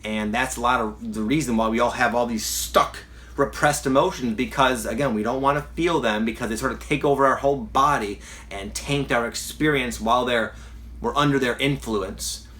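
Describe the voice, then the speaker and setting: A man's voice: medium pitch, normal speed, a bit bright. A man giving a casual self-help talk as a spiritual coach, earnest and rambling, with frequent restarts.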